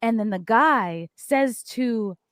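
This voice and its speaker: Animated storytelling woman with a dry sound. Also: fairly high pitch, slow, dry recording. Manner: animated, acts out voices of people in the story. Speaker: podcast host.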